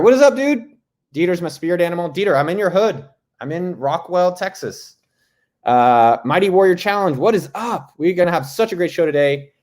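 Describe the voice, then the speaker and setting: A man's voice: fairly high pitch, darkish tone. A man hosting a casual live stream from home, joking loosely and greeting viewers by name. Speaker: host. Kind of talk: casual livestream chat.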